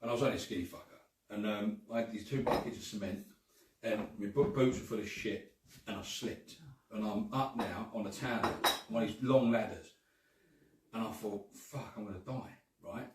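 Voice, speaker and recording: A man's voice: on the low side, moderate pace, a little mellow. A man telling long stories in casual chat, full of swearing and "right?" and "mate". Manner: swearing, chatty, says "right?" and "mate" a lot. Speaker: guest panellist. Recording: echoey room from far off, faint noise.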